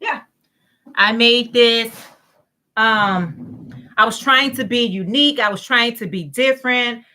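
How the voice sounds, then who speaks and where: A woman's voice: a little high, takes it slowly, pauses often, bright, forceful tone. A woman hosting a crochet livestream, chatting casually, greeting viewers by name and reading their comments aloud.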